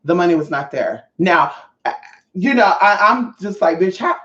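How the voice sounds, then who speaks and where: A young woman vlogger telling a profane, animated storytime monologue straight to her viewers. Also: lowish voice, normal speed. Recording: roomy, slightly dull audio.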